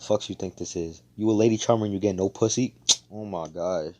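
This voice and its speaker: A man's voice: on the low side, fairly quick, dark tone, lightly acted. Man doing a cocky, foul-mouthed young swordsman. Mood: mocking. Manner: swaggering, crude trash talk.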